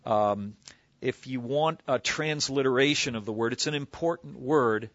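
A pastor giving an expository sermon in a conversational teaching manner, explaining word origins with asides. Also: male voice, medium pitch, normal speed, a bit bright, no room sound. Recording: slightly dull lo-fi recording.

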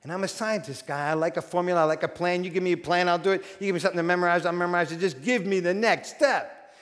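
A man preaching a sermon as pastor, animated and acting out quoted voices. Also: high voice, fast. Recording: long hall reverb.

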